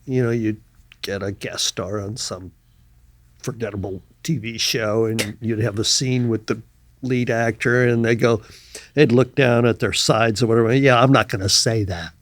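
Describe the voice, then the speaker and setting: An older man talking as a guest in a casual podcast chat, thoughtful and halting, often trailing off quietly. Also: fairly low pitch, fairly even intonation. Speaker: guest actor.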